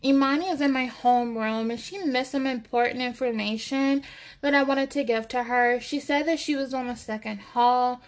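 A polite young female student in a storybook speaks in a matter-of-fact way, as a woman reads her. The voice is a touch high. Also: normal speed, natural voice.

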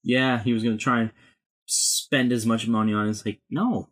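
A man co-hosting a podcast in casual chat, animated, with swearing and goofy mock threats. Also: medium pitch, moderate pace. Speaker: podcast co-host.

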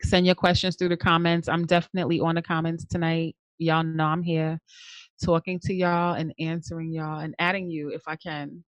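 A woman's voice: deep voice, level tone, moderate pace, dry recording, dull audio. Teasing Long Island woman on a podcast. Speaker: podcast co-host. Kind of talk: casual chat.

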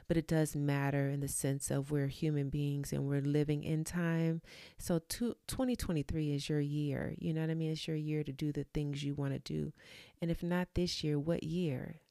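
Woman, low gravelly voice, motivational gratitude vlog, repetitive affirmations, dry close sound. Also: mellow, dry recording. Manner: repetitive, affirming, with chatty asides. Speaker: vlogger. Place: room at home.

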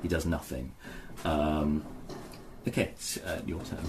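A man narrating as game master, describing the action in a relaxed, rambling way with many fillers. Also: very deep voice, unhurried. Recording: noisy background.

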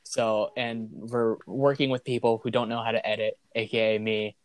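Casual podcast host, male, average pitch, relaxed delivery that pulls the chat back on topic. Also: normal speed, no echo. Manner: easygoing, steers the conversation back on topic.

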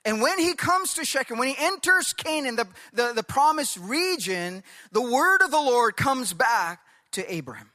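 The sermon comes from a male pastor in a large hall, his very high voice very animated, pushed, and bright. He leans hard on drawn-out key words and guides the congregation through reading along in call-and-response.

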